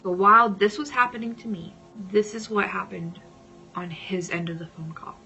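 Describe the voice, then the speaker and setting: A woman vlogger telling a personal story casually, dramatic and at times dropping into hushed whispers. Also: medium pitch, moderate pace, gravelly, faint music behind, rough recording.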